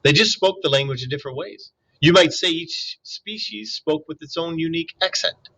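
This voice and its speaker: A man reading a children's novel aloud in an expressive way, with asides to young listeners. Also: a little high, normal speed, gravelly, rough recording. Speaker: reader.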